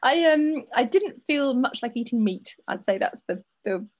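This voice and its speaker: Husky woman reading a letter. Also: a little high, animated, normal speed, low-quality recording. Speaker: podcast co-host. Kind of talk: casual chat, reading a listener letter.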